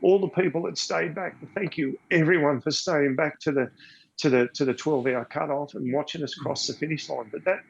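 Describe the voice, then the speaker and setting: On a dull lo-fi recording, an older Australian man with a gravelly, slightly rough voice on the high side speaks steadily at normal speed. As a podcast guest he tells a long story casually, rambling, repeating words, and occasionally becoming emotional.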